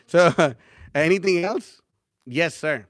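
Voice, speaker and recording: A man's voice: a little high, takes it slowly, no room sound, studio quality. A young man teaching a casual class, rambling and chatty with many fillers and laughs. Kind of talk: casual class talk with anecdotes.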